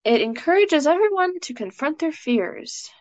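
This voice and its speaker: Her voice is high and sing-song, moving at a normal speed, as this scholarship coach works with a student in a live session. She stays chatty and casual, using lots of "like" and "um." The lo-fi recording sounds dull and has no room sound.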